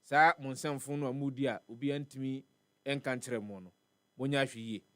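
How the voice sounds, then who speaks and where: A man's voice: medium pitch, fairly even intonation, moderate pace, a bit bright, no room sound. A man with a Ghanaian accent hosting a live morning radio show, reading weather and traffic and chatting, repeating words for emphasis. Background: faint music bed.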